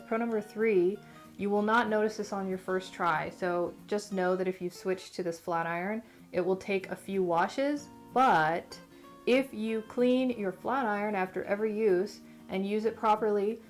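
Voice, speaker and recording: A woman's voice: medium pitch, moderate pace, soft background music. Muffled Californian woman chatting to camera. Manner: chatty and rambling, full of "like". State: slightly muffled speech after dental surgery. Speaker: beauty vlogger. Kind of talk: casual chat to camera.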